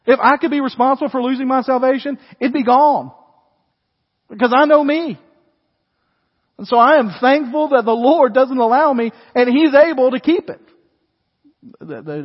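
A man preaching a sermon as a pastor, swinging between loud, emphatic passages and quiet, low asides. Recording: dull audio with hall reverb.

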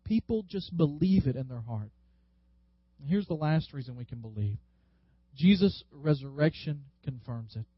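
A man's voice: mid-range voice, expressive, breathy edge, dry recording. A man preaching a sermon as a pastor, leading the congregation in call-and-response and drawing words out for emphasis. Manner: slows down and stretches words for emphasis. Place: church. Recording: dull, slightly lo-fi dry sound.

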